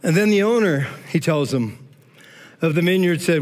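A middle-aged man preaching a lively, informal sermon as pastor, often saying "man" between phrases. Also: a little high, fast.

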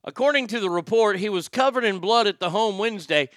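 A man's voice: high-pitched, fast talker, fairly bright tone, no room sound, clean studio sound. A man hosting a show, telling crude news stories in a sarcastic, joking way. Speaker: host. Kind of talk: casual comedic news commentary.

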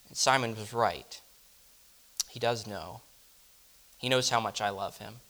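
A man delivering a first-person dramatic monologue, reflective and often dropping to a hush. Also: mid-range voice, unhurried, long pauses. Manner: reflective, dropping to hushed tones. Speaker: storyteller.

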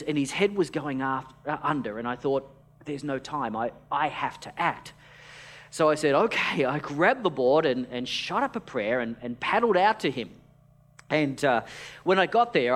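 A man in his forties, a pastor, preaching a sermon through a personal story in a conversational way, with frequent restarts. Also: a little high. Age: 40s.

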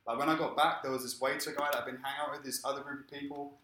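Bright-voiced preacher in echoey hall. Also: male voice, medium pitch, very fast, a little hiss or hum. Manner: lively storytelling, acting out quoted speech. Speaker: pastor. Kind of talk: sermon with personal testimony.

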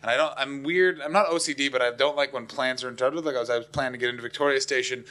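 A man doing stand-up, telling a story in an animated, profane way that swings from low muttering to frantic yelling. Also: rapid-fire. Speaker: stand-up comedian.

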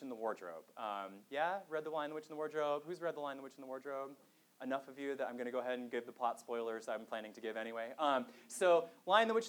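Chatty male lecturer, joking with audience. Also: fairly high pitch. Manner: conversational, self-deprecating, with many fillers. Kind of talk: public lecture to a live audience.

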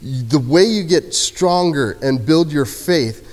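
A man giving a casual youth sermon in a church, joking and acting out shouted quotes. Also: on the high side, expressive, slow. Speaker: youth speaker. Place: church sanctuary. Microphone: handheld microphone. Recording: hall reverb.

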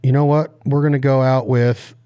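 A man hosting a podcast in casual chat. He is energetic, talks over his guest at times, and coaches his guest step by step. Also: medium pitch, moderate pace, clear, resonant tone. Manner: coaching and instructive. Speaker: podcast host.

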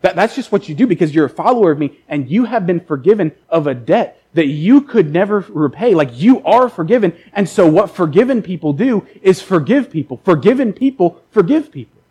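A man preaching a sermon in a loose, conversational way, stumbling over repeated words and filling gaps with "like." He slips into quick acted-out voices for the people in his examples, and his voice sits a bit higher than most men's. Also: expressive, a little mellow, slightly rough, poor audio. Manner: acts out characters in quoted asides. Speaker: pastor.

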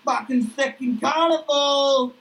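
A man putting on a crude, swaggering, foul-mouthed loudmouth. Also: very high voice, fairly even intonation, slow pace, gravelly, a little hiss or hum, pitched above the performer's own voice, full character voice, low-quality recording. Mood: jeering. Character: crude brash loudmouth man called Duck.

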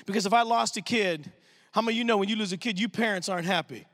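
Man, youth pastor, very high voice, sharp tone, animated church storyteller. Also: fast talker. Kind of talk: sermon storytelling. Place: church service.

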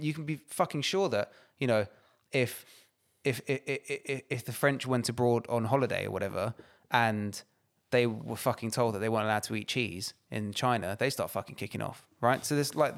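A podcast co-host talks politics casually but heatedly, emphatic and swearing freely. His voice is mid-range and his pace moderate.

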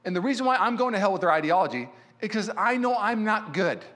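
High-voiced male pastor preaching. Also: fast talker. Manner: animated storyteller who acts out quotes. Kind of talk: sermon with personal storytelling. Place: church.

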